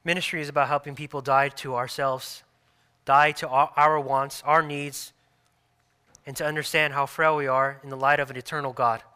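A man in his thirties, a pastor preaching a sermon earnestly, repeating phrases and restarting softly. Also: medium pitch, little pitch movement, normal speed, clean tone.

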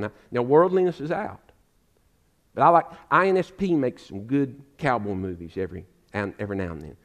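A man preaching a sermon as pastor, fervent and emphatic, calling his listeners friend. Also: mid-range voice.

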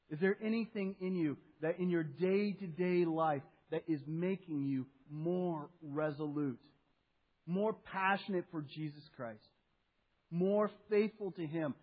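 A pastor preaches with lively animation, slipping into the voices of the people he quotes and circling back over his own phrases. His voice sits high and a little husky. The recording is muffled and lo-fi. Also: unhurried. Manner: animated, acts out quoted speech, repeats phrases. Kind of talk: sermon.

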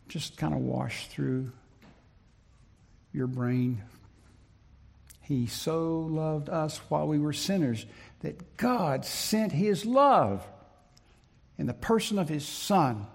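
Male preacher, husky gravelly voice, hits his points hard and repeats them, big church-hall echo. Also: on the high side, lively intonation, a little mellow. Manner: emphatic, deliberate, repeats key phrases. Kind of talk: sermon. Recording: long reverb of a large hall.

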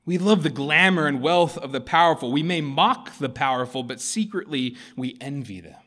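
A man, a pastor, giving a sermon and reading a story aloud with expressive delivery. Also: a little high, normal speed.

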